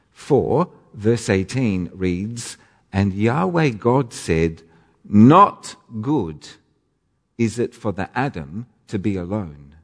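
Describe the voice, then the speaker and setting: A man's voice: on the low side, a little mellow. A man preaching a sermon with dramatic emphasis, now and then correcting himself mid-phrase. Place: church. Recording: long reverb of a church.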